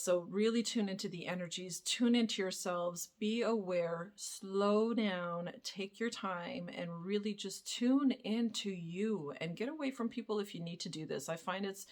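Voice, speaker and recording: A young adult woman vlogging, telling a personal story in a chatty, casual way with lots of fillers and casual swearing. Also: on the low side. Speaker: spiritual vlogger.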